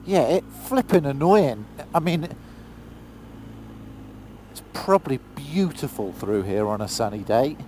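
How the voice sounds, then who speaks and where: A man's voice: medium pitch, lively intonation, a little slow, pauses often, darkish tone, a little hiss or hum. A man chatting casually into a helmet camera while riding a motorbike outdoors in pouring rain, exclaiming and swearing now and then. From Britain. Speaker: motorcycle vlogger. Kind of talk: casual vlog commentary.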